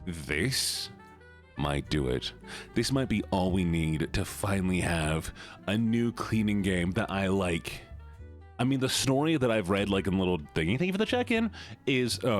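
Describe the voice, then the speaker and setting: A man streaming live, chatting casually and playfully with his viewers. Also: low-pitched. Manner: bubbly, playful, chatty with chat.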